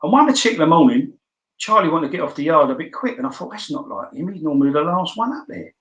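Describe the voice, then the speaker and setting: A man's voice: a little high, big pitch swings, quick pace, a bit bright, highs cut off. A man, a podcast guest, telling blunt, swearing anecdotes in casual storytelling. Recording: roomy echo.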